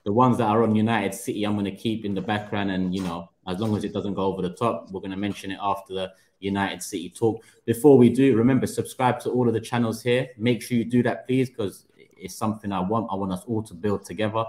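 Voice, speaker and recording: A man with a London accent hosting a football podcast, brisk as he keeps the show moving and reads promos. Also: on the low side, steady tone, darkish tone. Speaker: podcast host.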